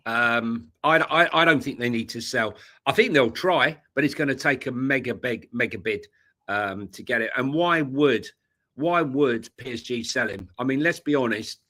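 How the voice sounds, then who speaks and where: A man's voice: medium pitch, moderate pace, pushed and bright. A man co-hosting a live football podcast, talking casually with lots of fillers and restarts. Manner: hesitant, many fillers and restarts. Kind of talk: casual live-stream chat.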